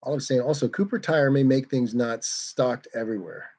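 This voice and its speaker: A man's voice: medium pitch, normal speed, a little mellow. A man hosting a car livestream in casual, rambling, self-deprecating chat.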